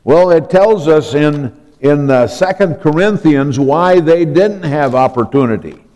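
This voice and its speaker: A man delivers a sermon at an unhurried, measured pace, his voice sitting a little above the usual pitch for a man. He explains his points deliberately and spells words out letter by letter. His voice trails off into the long reverb of a large hall. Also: animated, dark tone. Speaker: preacher.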